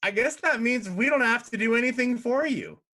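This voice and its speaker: A cocky little imp, voiced by a man, crows at the party in a shrill, piercing voice. Its tone is gleeful and mocking, and the sound stays bright and sharp. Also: brisk, heavily acted. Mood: gloating. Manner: taunting, gleeful.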